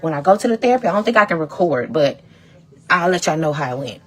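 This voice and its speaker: A woman's voice: low voice, very animated, fast talker. A woman content creator rambling and pleading to her followers in an emotional, profane rant. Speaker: social media content creator. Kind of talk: emotional direct-to-camera rant.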